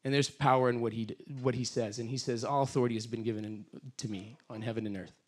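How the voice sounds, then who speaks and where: A man's voice: mid-range voice, steady tone, fast talker. A middle-aged man, a guest speaker, telling a story and leading an earnest prayer in a sermon. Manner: earnest, storytelling with quoted voices, fervent prayer.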